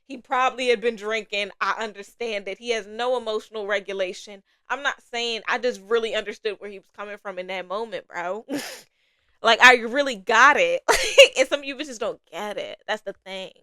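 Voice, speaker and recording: A young adult woman hosting a casual TV review podcast, animated and swearing casually, laughing often between her thoughts. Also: mid-range voice, moderate pace, smooth, dry recording. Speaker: podcast host.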